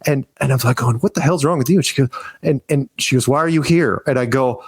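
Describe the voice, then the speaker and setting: A man's voice: medium pitch, fast, breathy edge, no room sound. A man, a podcast guest, telling a long story in a casual, rambling way, with many restarts and acted-out quotes.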